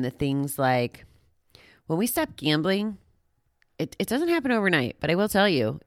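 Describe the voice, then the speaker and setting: Female host, very low register, candid self-deprecating chat, dry recording. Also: no room sound. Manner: chatty, rambling, self-deprecating with frequent "like". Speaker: podcast host on gambling recovery. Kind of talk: casual personal talk to listeners. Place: walking outdoors.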